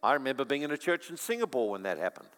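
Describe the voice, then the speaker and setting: A male preacher giving a sermon in an animated storytelling manner, with chuckling asides. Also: medium pitch, racing. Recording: long reverb of a large hall.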